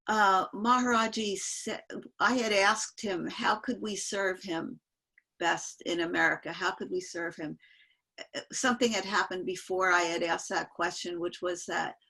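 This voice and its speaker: An older woman sharing memories on a video call, speaking earnestly and haltingly with many fillers. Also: on the low side, creaky, pushed and bright, slightly rough. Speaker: panel guest sharing memories. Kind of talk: casual storytelling on an online call.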